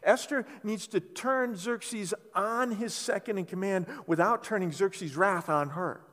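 A man preaching a sermon, telling a story with animated delivery and playful asides. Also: high-pitched, measured pace, long reverb tail. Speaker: pastor.

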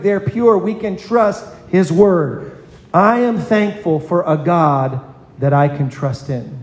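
A man's voice: on the high side, darkish tone. A man preaching a sermon in a church, earnest, calling on children in the congregation by name. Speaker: pastor. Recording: echoey hall with long reverb.

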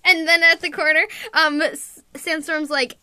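A woman telling a silly story in casual chat, giggling and chatty, acting out cat characters in quick voices. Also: sits high, fairly even intonation, bright, forceful tone, no room sound. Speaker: co-host describing a drawing.

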